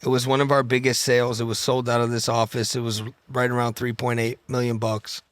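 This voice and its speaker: A man's voice: medium pitch, level tone, a little fast, no room sound. A man guesting on a podcast, telling stories in a loose, profane, casual way and acting out the conversations he recounts. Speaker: podcast guest, luxury car dealer. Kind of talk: casual storytelling chat.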